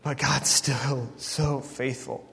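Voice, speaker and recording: A man preaching a sermon, telling a story in a lively way and acting out the people in it. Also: medium pitch, takes it slowly, creaky, long reverb tail.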